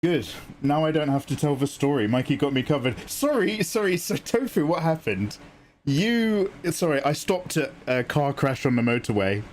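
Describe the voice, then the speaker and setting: Young male streamer, slightly high voice, lively joking chat, faint background hiss. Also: moderate pace. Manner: joking, laughs at his own stories. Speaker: art streamer. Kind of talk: casual livestream chat.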